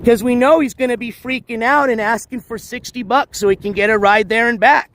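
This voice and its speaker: A man's voice: very high-pitched, fairly even intonation, a little fast, a bit bright, a little hiss or hum. A man live-streaming outdoors on a trail, chatting casually to viewers with lots of fillers and restarts while walking.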